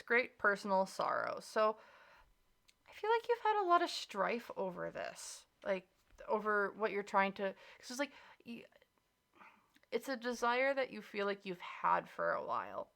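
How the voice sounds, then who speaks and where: A tarot reader with a fairly bright, medium-pitched voice, vocal fry, and big pitch swings speaks at a moderate pace. Her casual reading is chatty, emphatic, and reassuring, packed with filler "likes" and earnest encouragement.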